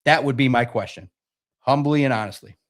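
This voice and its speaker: A young adult man with a mid-range voice hosts a live sports podcast, giving live-stream sports commentary. He talks in an animated, rapid-fire way and frequently restarts his sentences.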